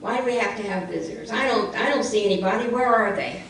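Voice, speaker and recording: A woman's voice: mid-range voice, expressive, fast talker, vocal fry, fairly bright tone, slight background noise. A sulky schoolgirl who whines about every chore, as a woman puts her on while telling a story. The voice is set far back from the mic and rings through a very echoey room. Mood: whiny. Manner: whiny griping. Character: grumpy complaining schoolgirl. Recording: echoey church hall from far off.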